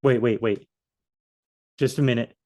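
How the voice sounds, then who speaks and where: A man's voice: mid-range voice, fairly even intonation, unhurried, a little mellow. Chatty man leading a Bible study. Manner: chatty, thinks aloud, joking asides. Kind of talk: casual Bible study walkthrough.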